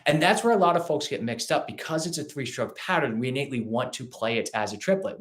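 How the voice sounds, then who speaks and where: A man's voice: medium pitch, animated, fast, few pauses, a bit bright. A man teaching a live ukulele strumming lesson, explaining patiently and counting and chanting rhythms aloud as he claps. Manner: patient, explanatory, asks rhetorical questions. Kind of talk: live-streamed music lesson.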